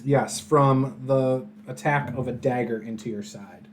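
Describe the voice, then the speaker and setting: A man's voice: medium pitch, steady tone, a little slow, a little hiss or hum. A man acting as game master in a tabletop role-playing game, talking casually with a chuckle and lots of filler words.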